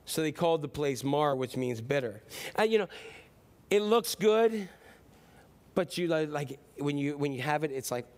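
A male pastor preaching a sermon in a loose, conversational way, full of fillers and animated asides. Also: on the high side, moderate pace, long pauses.

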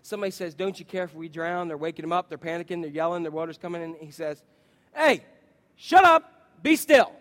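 High-voiced animated preacher man. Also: very fast, hardly any pauses. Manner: animated storytelling, acts out quotes, asks the congregation questions. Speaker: pastor. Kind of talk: sermon.

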